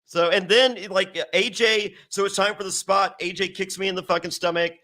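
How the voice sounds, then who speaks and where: A man from Virginia telling stories as an interview guest, swearing a lot and acting out quoted lines in a raised, excited voice. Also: high-pitched, normal speed. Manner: animated, acts out quotes in raised voice, heavy swearing. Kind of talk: casual storytelling with profanity.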